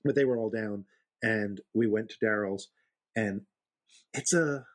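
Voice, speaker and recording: A man's voice: lowish voice, a little slow. A man co-hosting a podcast, telling stories in casual chat and laughing often. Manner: storyteller, animated, laughs a lot. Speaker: podcast co-host.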